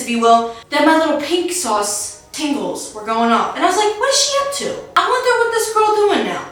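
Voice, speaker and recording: A woman's voice: a little high, pushed and bright, recorded from a distance. A woman hosting a podcast, giving sassy, jokey commentary with playful asides. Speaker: podcast host. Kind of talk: casual commentary. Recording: echoey room, faint music, off-mic.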